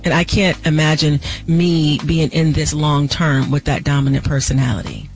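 A woman relationship expert guesting on a call-in radio show, giving callers measured, reassuring advice. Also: low-pitched, faint music behind, poor audio.

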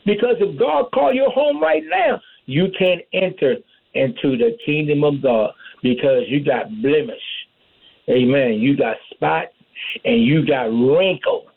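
A man delivers a fervent sermon in a high, husky voice, punctuating his points with amen and hallelujah. The sound is tinny and narrow, like a phone-line radio broadcast. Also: measured pace. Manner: call-and-response preaching, repeats amen and hallelujah. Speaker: preacher.

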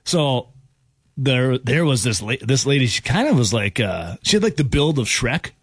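A man's voice: medium pitch, lively intonation, normal speed, slightly rough, dry recording. A man, hosting a radio show and telling a story in casual chat, laughing as he goes.

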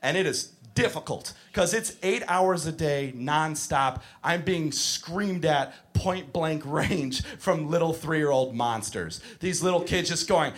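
A man in his thirties doing a stand-up comedy set, telling stories with animated delivery and bursts of shouting. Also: a little high, slow, hardly any pauses. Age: 30s.

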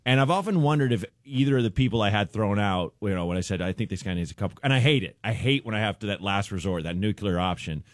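A man's voice: on the low side, fast talker, hardly any pauses, no echo, studio quality. A man, a comedian guest on a radio show, telling a story with lots of laughter.

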